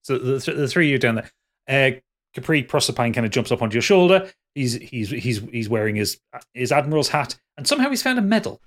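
Guy running a tabletop game, stumbles and restarts a lot, middle-pitched voice. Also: sing-song. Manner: halting, many restarts and fillers. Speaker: game master.

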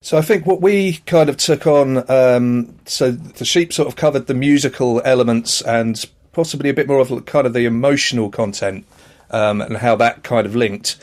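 A man's voice: medium pitch, moderate pace, darkish tone. A man musician talking casually and hesitantly, full of "sort of" and "kind of". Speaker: musician guest. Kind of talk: casual chat.

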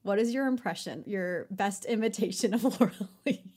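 A woman's voice: medium pitch, moderate pace, darkish tone. A woman hosting an interview, chatty and enthusiastic as she sets up stories and questions. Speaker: host. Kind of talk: casual interview chat.

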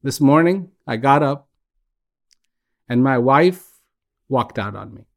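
A man's voice: mid-range voice, lively intonation, slow, gravelly. A man voicing a despairing man at a bar, telling his troubles in a rambling, pleading way.

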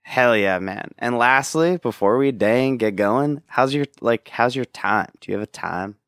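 A man's voice: mid-range voice, lively intonation, a little slow, a bit bright, clear, resonant tone, no room sound, studio quality. A man hosting a casual podcast, rambling and self-deprecating, swearing offhandedly. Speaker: podcast host.

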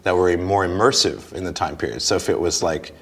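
A man with a very deep, low voice chats loosely in an interview, looping back over his words. He laughs easily and keeps restarting his thoughts as they come to him. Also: a little fast, slightly rough. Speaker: guest, stage performer. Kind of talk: casual interview conversation.

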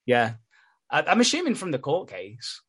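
A man's voice: on the high side, huge pitch swings, moderate pace, a bit bright, slightly rough. A man co-hosting a podcast, casually recapping a soap with plenty of swearing and laughter. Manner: sweary, laughing, retells scenes with quoted voices. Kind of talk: casual chat.

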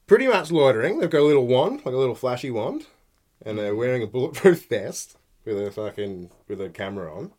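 A man's voice: medium pitch, sing-song, brisk, a little mellow. An Australian man chatting casually on a podcast, telling stories laid-back, swearing and laughing often. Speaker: podcast co-host. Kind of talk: casual chat.

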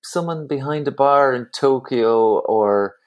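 An Irish man in his forties speaks at a middling pitch as a guest travel writer. He tells his stories in an animated, rambling way, circling back with restarts and the odd laugh. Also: slow pace. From Ireland. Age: 40s. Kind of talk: conversational storytelling.

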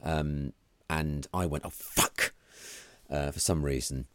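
Deep-voiced man telling stories. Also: steady tone, a little slow, a little mellow, no echo. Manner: anecdotal, laughing often, trailing off. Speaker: podcast co-host. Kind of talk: casual chat.

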